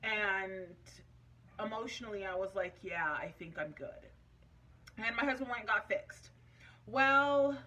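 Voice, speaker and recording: A woman's voice: on the high side, a little slow, pushed and bright. A young adult woman vlogging casually, telling a personal story in a chatty, emotional way with many fillers.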